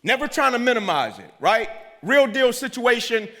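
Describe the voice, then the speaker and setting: A man's voice: extremely high pitch, big pitch swings, normal speed, pushed and bright. Man giving a preacherly keynote in a hall. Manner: preacherly, repeats lines for emphasis, asks "right?" of the crowd. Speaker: motivational speaker. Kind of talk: keynote speech. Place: large hall. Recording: hall reverb.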